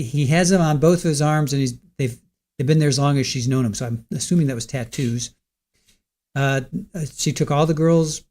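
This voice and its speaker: A man hosts a live stream of a court trial, talking casually off the cuff. He rambles and repeats himself as he works things out aloud. His voice sits slightly higher than most men's. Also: darkish tone. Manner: rambling, repeats a name to practice it.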